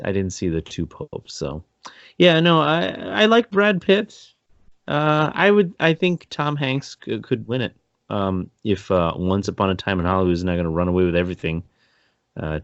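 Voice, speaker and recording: Low-voiced, rambling podcast co-host man. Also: moderate pace, no echo. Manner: rambling, laughs often, self-mocking. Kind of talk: casual film-review chat. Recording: dull, dry podcast recording.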